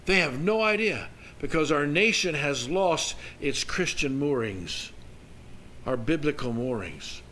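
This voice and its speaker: An older pastor preaches a sermon in a folksy storytelling manner. His fairly high voice climbs on the emphatic points. A faint hiss of noise sits under the recording. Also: a bit bright, rough recording.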